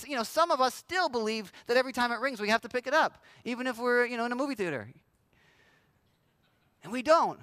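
A man's voice: very high-pitched, sharp tone, no room sound. A man preaching a sermon in a conversational way, often acting out quoted voices. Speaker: pastor.

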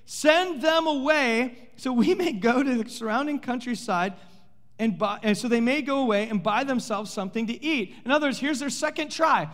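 High-voiced pastor preaching in a reverberant hall. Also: male voice, moderate pace. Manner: animated storytelling, acting out the disciples with playful sarcasm. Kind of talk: sermon.

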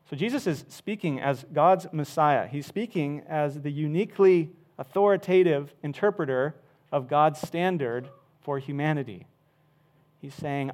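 A man preaching a sermon, emphatic, with wide swings from loud to soft. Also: fairly high pitch. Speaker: pastor.

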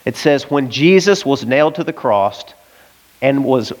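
This Southern American man preaches a lively, conversational sermon, frequently putting questions to his listeners. His pitch is medium and his pace unhurried, though the recording is rough.

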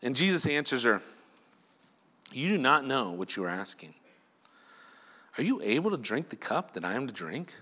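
Man, pastor, bright tone, animated sermon, voices imagined dialogue. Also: mid-range voice, normal speed, long pauses.

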